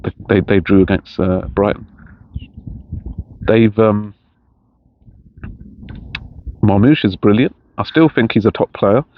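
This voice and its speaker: A man's voice: lowish voice, slow, pauses often. A middle-aged man chatting casually outdoors in a park, rambling with many restarts. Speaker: vlogger. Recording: dull lo-fi sound with faint noise.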